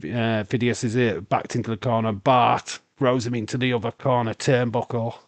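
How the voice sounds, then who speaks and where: A man's voice: mid-range voice, fairly even intonation, normal speed, no echo. A man with a Yorkshire accent hosting a casual wrestling watch-along stream, rambling on and answering chat questions with lots of fillers.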